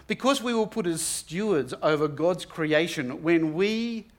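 A man's voice: fairly high pitch, animated, unhurried. A young man giving an earnest, conversational Bible talk to students, often restarting his sentences. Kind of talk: sermon.

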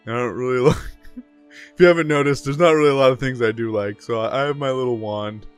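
A man's voice: mid-range voice, fast talker, clear, resonant tone, no echo, soft background music. Rambling, chatty man at a game table. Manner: rambling, giggly, talkative. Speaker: player. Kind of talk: casual tabletop role-play.

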